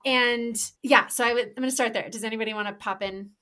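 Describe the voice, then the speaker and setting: A woman co-hosting a podcast, chatting casually with a slightly high voice. She is enthusiastic and rambles through her explanations, restarting sentences and filling gaps with "um" and "like.". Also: fairly even intonation, fast talker, bright, forceful tone. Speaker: podcast co-host and professional trail runner.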